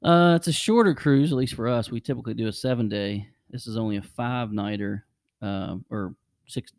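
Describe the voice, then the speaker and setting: A man's voice: mid-range voice, normal speed, no echo, studio quality. A man hosting a podcast, rambling casually through travel stories and chuckling often. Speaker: podcast host. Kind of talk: casual chat.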